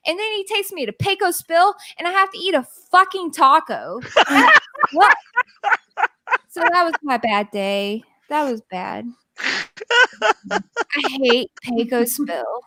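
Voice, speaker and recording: A woman co-hosting a podcast, telling a story in casual chat, animated and exasperated, swearing and acting out what others said. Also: sits high, slow pace, pauses often, no room sound, low-quality recording. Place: podcast recorded live with co-hosts.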